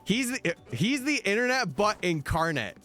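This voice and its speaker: Young guy streamer talking to chat, voice bouncing all over, kinda high. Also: big pitch swings, moderate pace, pushed and bright. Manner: chatty, reads out and answers viewer messages. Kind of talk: casual livestream chat. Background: faint background music.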